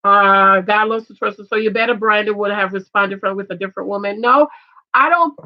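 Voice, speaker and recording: A middle-aged woman giving loud, emphatic casual commentary on a reality show and reading viewer comments. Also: medium pitch, brisk, lo-fi sound. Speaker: vlogger reviewing a reality show.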